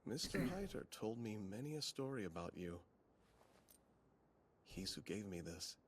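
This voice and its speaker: An actor playing a polite, modest village priest who is an older brother, speaking calmly and humbly. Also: male voice, on the low side, measured pace, a little hiss or hum. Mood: humble. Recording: anime clip with chatter over it.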